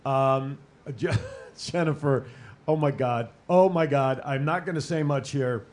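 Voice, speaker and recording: A man's voice: mid-range voice, measured pace, a little mellow. A man hosting a casual talk show, laughing and bantering with his co-hosts and callers. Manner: laughing, easygoing. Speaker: host. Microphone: studio microphone.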